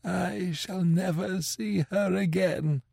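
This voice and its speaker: A man's voice: sits high, lively intonation, very slow, vocal fry, slightly rough, dry recording, voice pushed up, exaggerated voice. A man voicing a grief-stricken aged male watchmaker who talks in a mournful, quavering lament. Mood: grieving.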